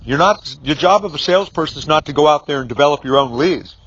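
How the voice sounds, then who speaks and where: A man's voice: on the high side, animated, quick pace, fairly bright tone, dull audio, a little hiss or hum. A man who trains salespeople, talking freely in a rambling way with many fillers and restarts, and acting out both sides when he retells an argument. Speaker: business author and sales trainer. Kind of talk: unscripted monologue.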